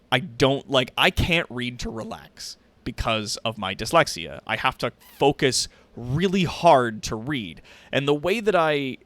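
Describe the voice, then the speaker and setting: Animated, expressive man ranting casually. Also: on the high side, no echo. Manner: animated, rants with heavy swearing. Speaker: streamer. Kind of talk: casual gaming stream chat.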